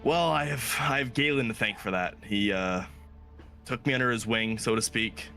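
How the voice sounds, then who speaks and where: A man's voice: medium pitch, normal speed, creaky, pushed and bright, faint music behind. A man voicing a plain-spoken young male goblin in a tabletop game, talking bluntly and modestly. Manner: blunt, gets straight to the point.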